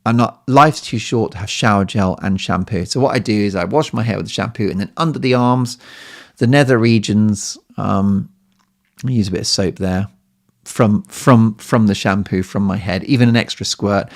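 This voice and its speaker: Chatty gravelly man. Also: moderate pace. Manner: chatty and playful, with squeaky high exclamations. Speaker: podcast host. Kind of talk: casual monologue.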